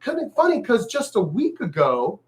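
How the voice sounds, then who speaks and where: A man's voice: high voice, huge pitch swings, normal speed. A man from El Paso, Texas, ranting angrily about the news in a profane, mocking, emphatic vlog. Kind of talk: profane political rant.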